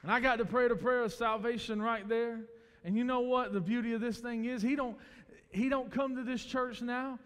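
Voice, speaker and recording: A pastor tells a story from the pulpit in a relaxed, conversational way and acts out the people he quotes. His voice sits high for a man. The church hall gives it a long, ringing reverb. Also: moderate pace, clean tone. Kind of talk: sermon. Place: church sanctuary.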